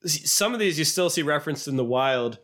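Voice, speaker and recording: A man co-hosting a podcast in casual chat, animated and sometimes quoting clips in a higher put-on voice. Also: a little fast. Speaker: podcast co-host.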